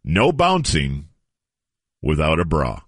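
A man's voice: extremely low pitch, wildly swooping pitch, slow, no echo, studio quality. A middle-aged man hosting a casual radio show, reading an old news story aloud with playful drama.

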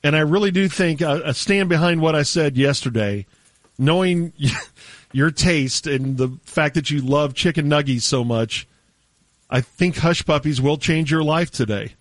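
A man's voice: a little high, unhurried, dry recording. A man hosting morning radio, joking around and laughing often. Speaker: radio host.

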